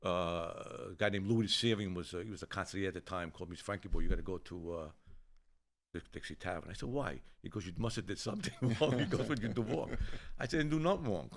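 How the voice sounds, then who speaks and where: A man's voice: low-pitched, quick pace. Older man spinning a street story. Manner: rough-edged, swears freely, animated when quoting others. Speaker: show host telling a story. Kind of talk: casual storytelling chat.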